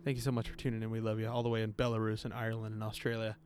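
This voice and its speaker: A man's voice: lowish voice, completely flat delivery, racing, background noise. A man hosting a casual podcast, blunt and joking, with salty language. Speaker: podcast host.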